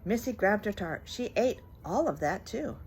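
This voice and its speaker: An older woman, a grandmother, reading a children's bedtime story aloud in a gentle, lively manner. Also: mid-range voice, normal speed, slight background noise, low-quality recording.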